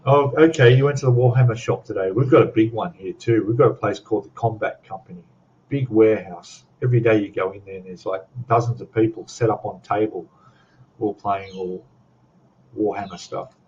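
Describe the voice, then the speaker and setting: Speaking fairly quickly with a lowish, slightly mellow voice and fairly even intonation, an older Australian livestream host rambles and chuckles while reading viewers' comments aloud. The highs are cut off in the audio.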